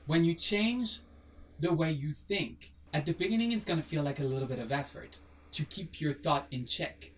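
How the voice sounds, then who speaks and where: The host's mid-range voice sounds distant from the mic as they talk straight to camera in a blunt, sassy motivational rant. Rhetorical questions come rapid-fire, with casual swearing and mock apologies.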